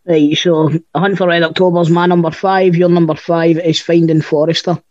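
A podcast co-host with a slightly high voice, flat delivery, and darkish tone talks at a moderate pace with no echo. He chats casually about films, cracking jokes, swearing, and telling stories, captured in a dull, dry lo-fi recording.

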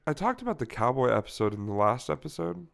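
A man's voice: medium pitch, very animated, quick pace, gravelly. A young man hosting a podcast in casual, joking chat, rambling and playful. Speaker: podcast host.

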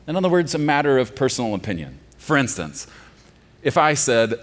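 A male pastor delivering a sermon, swinging from quiet, low passages to loud, emphatic ones. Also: big pitch swings, fairly quick. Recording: long reverb of a large hall.

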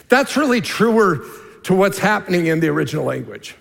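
A man preaching a sermon as lead pastor, earnest and emphatic, dropping to a hushed tone for key points. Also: high voice, sing-song, fairly quick, gravelly. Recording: long reverb of a large hall.

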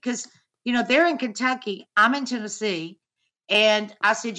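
A middle-aged woman, a mother, recounting a personal story as a podcast guest, halting and earnest with many fillers. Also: on the high side, bright, forceful tone. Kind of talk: personal account in podcast interview.

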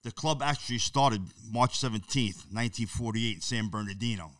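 A man's voice: on the low side, moderate pace, fairly bright tone, dry recording, recorded from a distance. A man, telling stories bluntly and emphatically as a guest in a casual chat.

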